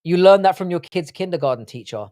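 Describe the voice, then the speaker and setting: A man's voice: high-pitched, lively intonation, fast talker, mellow. A man with a London accent hosting a live stream, chatting casually and bantering with the viewers in a profane, joking way. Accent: London English. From England.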